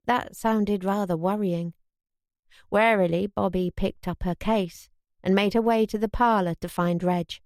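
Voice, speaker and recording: A woman reading a wartime novel as an audiobook narrator, steady and measured. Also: mid-range voice, no room sound, studio quality. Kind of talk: scripted narration.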